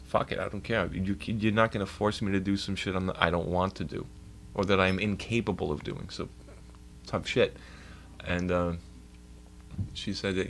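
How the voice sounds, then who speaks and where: Young male streamer, profane storyteller, slightly low voice, loose casual delivery. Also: fairly even intonation, normal speed, pauses often, a little hiss or hum. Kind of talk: casual chat.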